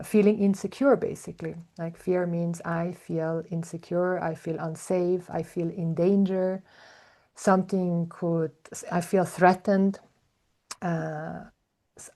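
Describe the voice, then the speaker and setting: A woman giving a reflective spiritual talk, speaking slowly and thoughtfully with soft hums and fillers. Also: fairly low pitch, level tone. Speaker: spiritual teacher, podcast host.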